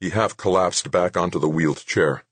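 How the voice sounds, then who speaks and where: A man narrating a novel in a steady, measured way, his voice extremely low with a husky grain. The close mic gives a dry, dead sound with no room around it. It is audiobook narration from start to finish. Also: no room sound. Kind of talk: scripted narration.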